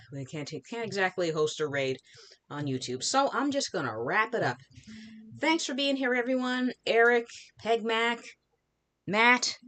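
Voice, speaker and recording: Lively-voiced woman streamer. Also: mid-range voice. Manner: relaxed, talking while eating. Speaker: livestream host. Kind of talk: casual live-stream chat.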